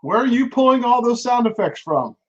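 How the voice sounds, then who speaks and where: A man's voice: extremely high pitch, very animated, brisk, dull audio. A man chatting casually on a call, amused and laughing along. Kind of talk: casual chat.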